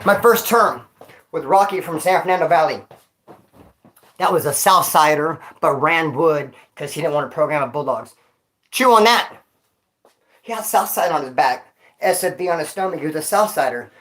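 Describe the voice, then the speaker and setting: A man's voice: fairly high pitch, moderate pace, long pauses, fairly bright tone. Man, casual storytelling vlog, street slang, winded, phone mic. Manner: slangy street talk, calls listener dog and homie. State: winded after exercise. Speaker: vlogger.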